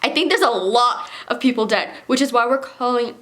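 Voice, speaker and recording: A woman voicing a gruff young male soldier who brings urgent news bluntly. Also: fairly high pitch, normal speed, fairly bright tone, close to an everyday voice.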